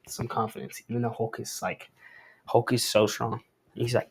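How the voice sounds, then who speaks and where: A man's voice: lowish voice, level tone, measured pace, vocal fry, long pauses, husky. A young adult man giving casual, slangy commentary while reading a comic aloud, with laid-back hedging asides.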